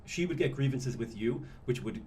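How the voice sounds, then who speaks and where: A man casually coaching a friend through a strategy game, giving relaxed tips with the odd curse. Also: mid-range voice, normal speed, a little hiss or hum. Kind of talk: casual gameplay chat.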